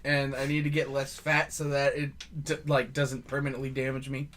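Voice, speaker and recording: A man co-hosting a comedy podcast, telling stories in a casual, profane, animated way with frequent laughter. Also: medium pitch, moderate pace, slight background noise. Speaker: podcast co-host.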